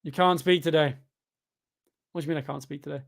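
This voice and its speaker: A man's voice: on the high side, fairly quick, gravelly. Tired, chatty young man. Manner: chatty, bursts of excitement at the game. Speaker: livestreamer reading chat during a match. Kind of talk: live football watchalong chat.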